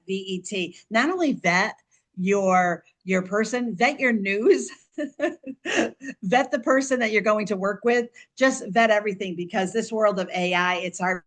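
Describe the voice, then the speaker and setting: A middle-aged woman, an author and guest on a podcast, talking in animated bursts and often restarting or repeating her words. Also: medium pitch. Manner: speaks digits slowly and deliberately. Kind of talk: conversational interview.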